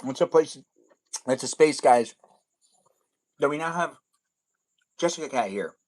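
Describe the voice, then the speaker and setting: A man's voice: a little high, animated, a little slow, a little mellow, rough recording. Rambling man hosting a live stream. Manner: rambling, repeats his own catchphrases. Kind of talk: casual live stream chat.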